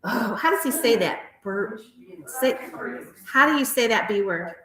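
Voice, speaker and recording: Bright fast-chanting woman auctioneer. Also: fairly high pitch, lively intonation. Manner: rapid repetitive bid chant with chatty asides. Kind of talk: live auction calling. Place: auction house hall. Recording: roomy echoey hall.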